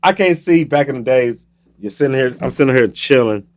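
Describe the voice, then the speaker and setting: A man's voice: mid-range voice, fairly quick. A man with a Southern American accent hosting a radio show, telling a casual, comedic story and acting out scenes as he goes. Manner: animated storytelling, acts out scenes.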